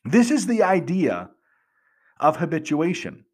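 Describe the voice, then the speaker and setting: A man's voice: a little high, huge pitch swings, a little slow, darkish tone. A man hosting a podcast, explaining earnestly with rhetorical questions and frequent restarts. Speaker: podcast host.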